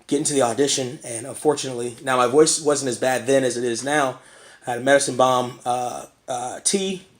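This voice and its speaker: A man in his thirties with a hoarse voice, rambling through a casual self-deprecating vlog monologue and often clearing his throat. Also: mid-range voice, fairly even intonation, fairly quick. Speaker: vlogger.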